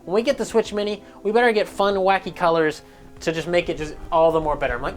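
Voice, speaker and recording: A man rants through gaming news at a rapid clip, swearing freely and joking as he goes. His delivery is loose and animated, with faint music playing softly behind him. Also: sits high. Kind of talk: casual news rant.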